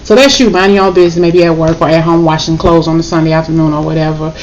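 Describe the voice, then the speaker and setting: A woman's voice: sits low, steady tone, rapid-fire, darkish tone, muffled recording, a little hiss or hum. A woman giving a casual spoken tarot reading, emotional and blunt, swearing and checking in with "okay?". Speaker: tarot reader.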